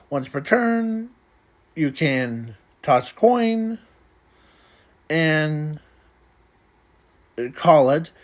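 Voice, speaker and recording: A man hosting a casual card review video, talking in a halting way with many restarts. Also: on the high side. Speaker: video host reviewing custom cards.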